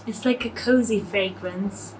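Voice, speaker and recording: A woman's voice: mid-range voice, measured pace, slight background noise, rough recording. Woman thinking aloud in casual chat. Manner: relaxed, reflective, thinks aloud with ums. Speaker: guest fragrance reviewer. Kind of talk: casual conversation.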